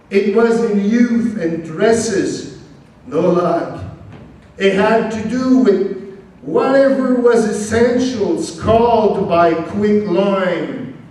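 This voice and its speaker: A man giving a slow, measured poetry reading with long pauses, in a large church. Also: high voice, darkish tone. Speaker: poet reading at an event. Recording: very echoey church hall, mic far off.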